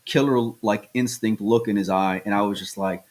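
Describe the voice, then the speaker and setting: A man co-hosting a pool podcast in casual chat, excitable and telling stories with many restarts. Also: on the low side, normal speed. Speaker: podcast co-host.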